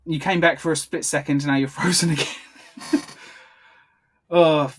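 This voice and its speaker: A man's voice: fairly high pitch, fairly even intonation, normal speed, fairly bright tone. Chatty man on a video call. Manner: chatty, self-correcting, laughs often. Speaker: podcast co-host. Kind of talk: casual commentary chat.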